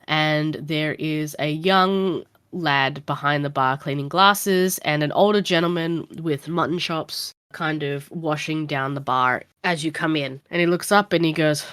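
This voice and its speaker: A woman game master narrates a tabletop game in a casual, rambling manner. Her voice sits low, and the recording is dry and close with no room sound. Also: measured pace, hardly any pauses, fairly bright tone, clear, resonant tone, dry recording.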